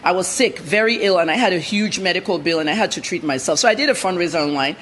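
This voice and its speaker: A woman's voice: lowish voice, quick pace, fairly bright tone, slight background noise. A woman journalist answering interview questions in a blunt, emphatic way.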